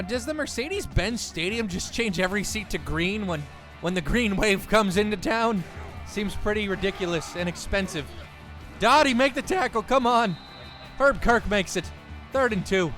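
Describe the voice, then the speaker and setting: A young man giving casual, jokey play-by-play of a football video game, excitable, with his voice cracking now and then. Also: high-pitched. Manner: excitable, jokey, quick outbursts. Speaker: gaming YouTuber.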